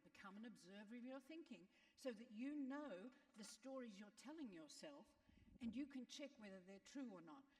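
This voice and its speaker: Female keynote speaker, upbeat and playful, higher voice, live hall reverb. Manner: animated, coaxing and playful with the crowd. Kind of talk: motivational keynote to an audience. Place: large conference hall.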